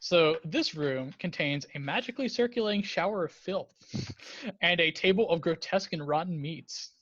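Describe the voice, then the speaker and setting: A man's voice: on the high side, moderate pace, a bit bright, no room sound. Man, dungeon master, rambling narration, dry dull lo-fi audio. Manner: loose, rambling narration with fillers. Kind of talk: narrating a tabletop game.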